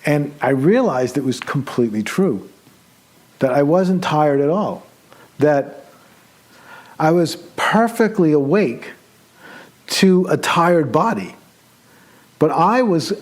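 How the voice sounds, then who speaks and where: A male meditation teacher telling a personal story during a retreat talk, conversational and animated as he acts out his own excited thoughts. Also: a little high, slow pace, long pauses. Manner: relaxed, conversational, with many fillers.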